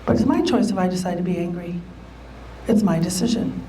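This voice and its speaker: A woman whose voice sits on the low side, mellow and a little fast, leads a church Bible study on relationships in a meeting room. A little hiss or hum is audible. She's emphatic, repeating key phrases and dramatizing what people might say.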